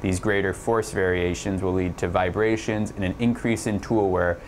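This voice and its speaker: A man's voice: low voice, fairly even intonation, normal speed, slight background noise. A man narrating an online lab lecture, explaining steadily with occasional slips and fillers.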